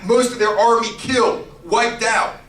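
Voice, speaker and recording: A man giving a youth sermon, telling a story in an animated, playful way with character voices. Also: extremely high pitch, moderate pace, reverberant, distant mic, soft background music, low-quality recording. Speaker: youth pastor.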